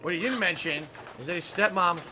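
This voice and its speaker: A man's voice: high-pitched, a little fast, bright, forceful tone. A man co-hosting crude, comedic stream commentary, mocking and joking. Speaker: streamer co-host.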